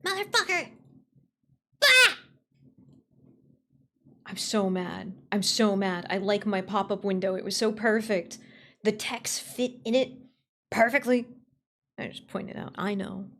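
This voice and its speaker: A woman streamer in casual livestream chat, excitable, swearing freely and swinging between squeals and grumbles. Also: medium pitch, a little slow.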